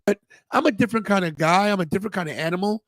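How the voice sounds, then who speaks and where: Talking very fast in a high-pitched voice, captured in a dry recording, a middle-aged man hosts a podcast. His storytelling monologue is an emotional, animated retelling of a personal story in which he acts out each person with quoted voices.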